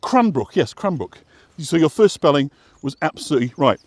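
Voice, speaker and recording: A man from West Yorkshire talks casually while walking outdoors along a path. His voice sits a little high and swings up and down a lot, and he rambles with many fillers and restarts. The sound is dry and close. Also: sing-song, normal speed, darkish tone, no echo. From West Yorkshire, England. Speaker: walking guide and vlog host.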